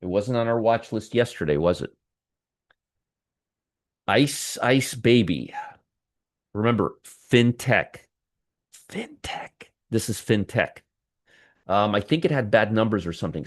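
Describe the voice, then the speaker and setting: A man's voice: fairly low pitch, no room sound. Male trading host, dry close sound, teasing and wry, live commentary.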